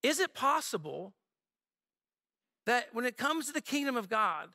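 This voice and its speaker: Bright high-voiced male pastor. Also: sing-song, a little slow. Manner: conversational and joking, with frequent asides. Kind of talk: sermon. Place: church sanctuary.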